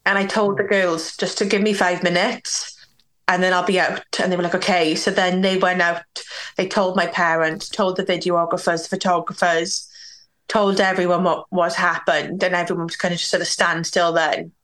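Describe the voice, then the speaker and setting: Woman, young adult, guest storyteller; lowish, even delivery, candid, "like"-heavy, quotes others aloud. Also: normal speed. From Wales. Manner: candid, talks with many "like"s and acts out quoted dialogue. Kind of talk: personal storytelling in a podcast interview.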